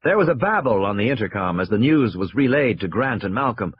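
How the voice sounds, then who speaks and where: A man with a slightly husky voice reads an audiobook in a steady storytelling rhythm, his pitch lively and animated. He speaks briskly with hardly any pauses. The recording is dry, somewhat muffled, and has no echo.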